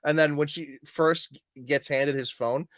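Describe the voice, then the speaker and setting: Guy cohosting a podcast, kinda high voice, laughs constantly, super dry close mic. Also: a little slow, no room sound. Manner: laughs often, quotes lines in animated bursts. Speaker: podcast co-host. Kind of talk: casual chat.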